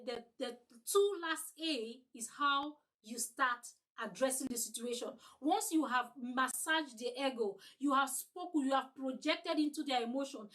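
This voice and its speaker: A woman's voice: high-pitched, fairly bright tone, poor audio. A woman leading an online customer-service training, emphatic, repeating her points and acting out sample lines.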